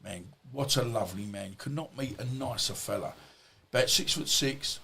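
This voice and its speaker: A man's voice: medium pitch, normal speed, vocal fry, bright, forceful tone, a little hiss or hum. Middle-aged man telling rambling anecdotes. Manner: rambling, anecdotal, blunt and colloquial. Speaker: podcast guest. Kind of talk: storytelling in conversation.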